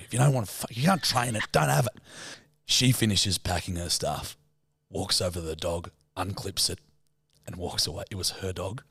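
A young adult man with an Australian accent, co-hosting a podcast and telling an animated, sweary story in casual chat. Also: sits low, normal speed, creaky, breathy edge, dry recording. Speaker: podcast co-host.

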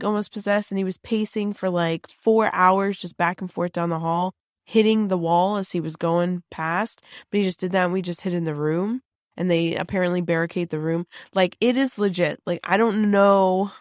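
A woman's voice: mid-range voice, dry recording. Woman, psychic, casual storytelling, rambling, restarts, fillers, dry close sound. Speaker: team psychic on a paranormal show.

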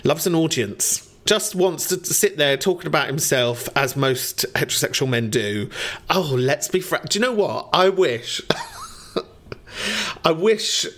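Camp, theatrical host. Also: male voice, fairly high pitch, animated, a bit bright. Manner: camp, theatrical, quick-witted, laughing often. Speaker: podcast host. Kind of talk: camp comic chat.

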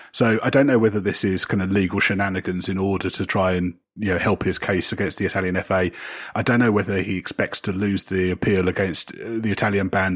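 A man with a deep, husky voice co-hosts a casual football chat. He muses wryly and often lets his sentences trail away. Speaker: podcast co-host.

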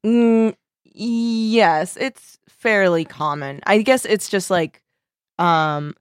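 A woman's voice: mid-range voice, drawn-out words, dry recording, studio quality. A woman co-hosting a comedy podcast, playful and teasing as she chats and laughs with guests. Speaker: podcast co-host. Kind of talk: casual comedic chat.

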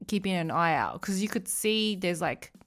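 A young woman co-hosting a casual podcast chat, talking in an animated, chatty way and acting out quotes as she retells a story. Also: fairly low pitch, moderate pace, soft background music. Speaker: podcast co-host.

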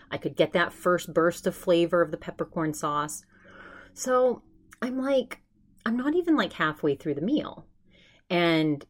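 A young woman hosting a podcast, telling a story in casual chat with animated quoted asides. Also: fairly low pitch. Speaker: podcast host.

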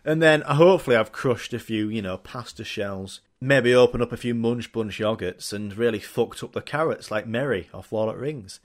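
A man's voice: medium pitch, normal speed, hardly any pauses. A young man hosting a podcast, rambling through a sweary, jokey comic monologue. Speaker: podcast host. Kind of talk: casual comedic monologue.

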